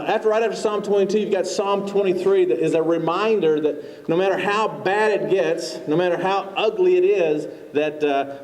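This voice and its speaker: A man's voice: sits high, darkish tone. A man pastor preaching a conversational sermon in a church hall, full of fillers and asking the congregation questions. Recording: echoey hall, distant mic.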